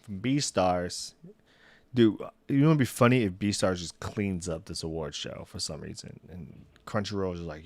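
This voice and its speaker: Low-voiced young man rambling on a stream. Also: moderate pace, creaky, a little mellow, dry recording. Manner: rambling, self-interrupting, laughing at himself. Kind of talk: casual solo livestream chat. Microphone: desk mic.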